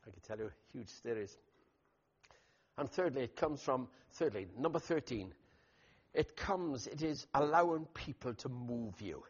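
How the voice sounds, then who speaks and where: A man preaching a sermon as pastor, telling stories in an animated way with loud emphatic bursts. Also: mid-range voice, unhurried, husky. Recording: dull lo-fi recording.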